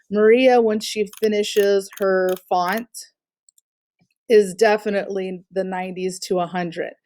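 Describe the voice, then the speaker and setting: A woman's voice: mid-range voice, a little mellow, dry recording. A woman teaching an online art class, critiquing student artwork in an encouraging but direct way with frequent fillers, speaking into a computer mic on a video call.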